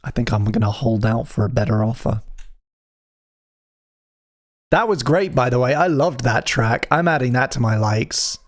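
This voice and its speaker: A man's voice: medium pitch, lively intonation, a little fast. A man hosting a live music stream, chatting casually with wry, self-deprecating jokes.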